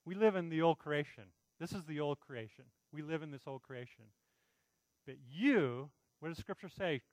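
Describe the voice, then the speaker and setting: Male pastor, earnest conversational sermon delivery, fairly high voice, dry recording. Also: moderate pace, a little mellow, no echo, rough recording. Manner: earnest, pleading, conversational preaching with frequent "right?" asides.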